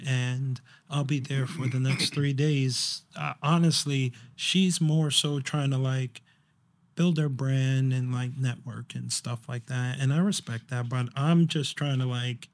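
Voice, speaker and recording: A young man chatting casually on a podcast, telling a story in a rambling way with lots of fillers and restarts. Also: medium pitch. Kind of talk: casual chat.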